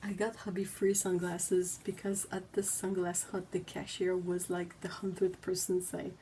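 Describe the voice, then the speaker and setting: A woman hosts a casual livestream, her voice sitting a little low. She chats freely and reads viewer comments out loud between her own remarks. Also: completely flat delivery, measured pace, a little hiss or hum. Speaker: livestream host.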